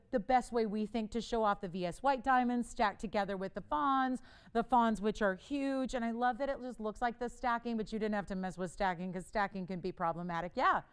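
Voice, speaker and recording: A woman hosting a live TV jewelry shopping show, pitching an auction in a chatty, playful way, laughing often and urging bidders on. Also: clear, resonant tone. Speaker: TV shopping host. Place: TV studio.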